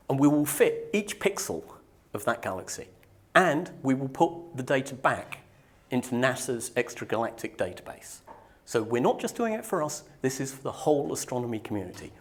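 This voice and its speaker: A man's voice: mid-range voice, very animated, moderate pace. A man from Norfolk, giving a technical conference talk to a live audience in a joking, self-deprecating way. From Norfolk, England. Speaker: conference speaker.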